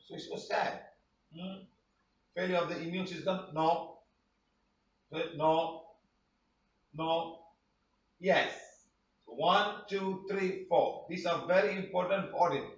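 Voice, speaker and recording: A man's voice: high-pitched, a little hiss or hum. A man teaching a healing class, rambling and repeating himself for emphasis. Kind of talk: online class presentation. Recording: roomy, distant, dull sound.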